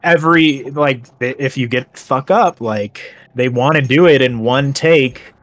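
A man's voice: medium pitch, a little slow, fairly bright tone. A man co-hosting a podcast in casual chat, rambling with many fillers. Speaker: podcast co-host.

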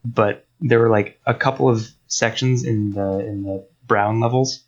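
Relaxed man chatting on a podcast. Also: lowish voice, measured pace, lo-fi sound. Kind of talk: casual chat.

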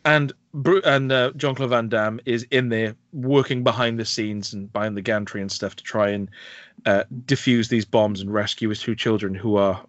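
A man's voice: lowish voice, normal speed, no echo. A man hosting a podcast, animatedly retelling film scenes in casual chat and acting out the lines. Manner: animated storytelling, acts out quoted lines, laughs often. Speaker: podcast host reviewing films. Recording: dry, slightly dull podcast audio.

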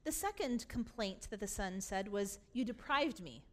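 A woman's voice: medium pitch, animated, moderate pace. A woman pastor preaching a sermon, acting out the father's words with emphatic, rising force. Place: church sanctuary.

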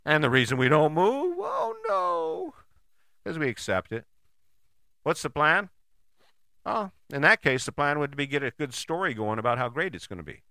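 This man's voice sits at medium pitch, sharp in tone, expressive and brisk, recorded dry. His motivational talk is casual, folksy and chatty; he keeps tagging sentences with "right?" and briefly acts out the people he quotes.

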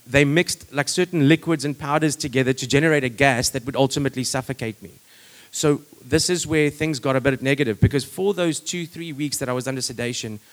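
A man giving a personal testimony in a rambling, conversational way, full of fillers and restarts. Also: medium pitch.

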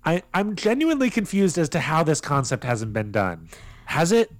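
A man's voice: a little high, big pitch swings, normal speed, no echo. A young man co-hosting a podcast, rambling through an idea with frequent chuckles and restarts. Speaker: podcast co-host. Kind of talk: casual chat.

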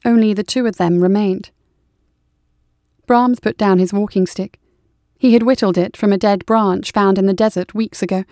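A woman reading a war story aloud as audiobook narration, in a steady, measured way. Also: mid-range voice, dry recording, clean studio sound.

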